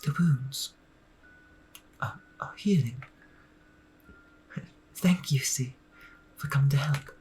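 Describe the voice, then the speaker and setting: A man's voice: medium pitch, takes it slowly, long pauses, darkish tone, faint music behind, voice pushed up, close to an everyday voice. A man voicing a timid young girl while reading game dialogue aloud, stammering and hesitant.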